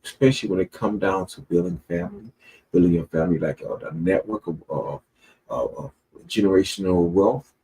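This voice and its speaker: A man co-hosting a casual livestream chat, preachy and quoting scripture, with a gravelly voice. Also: deep voice, brisk, mellow, poor audio. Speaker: co-host.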